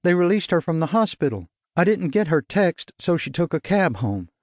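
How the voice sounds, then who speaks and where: A man's voice: fairly high pitch, sing-song, moderate pace, no room sound, voice pushed up. A fussy, fretful woman scolds and worries in a lifted, lighter voice, as a male audiobook narrator puts her on. The recording is close and dry, with no room sound at all. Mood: shaken. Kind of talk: audiobook character voice. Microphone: studio mic.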